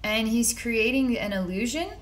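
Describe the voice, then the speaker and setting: A woman's voice: a little high, moderate pace. A woman talks through a psychic reading off the cuff. She rambles, circles back with repeated words, and drops casual slang as she goes. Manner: rambling and repetitive, conversational, with slang. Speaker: psychic reader.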